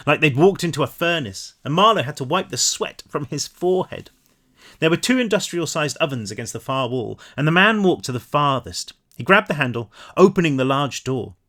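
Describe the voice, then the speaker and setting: Lively man reading his novel aloud. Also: a little high. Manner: animated, with self-mocking asides. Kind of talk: book read-aloud with casual asides.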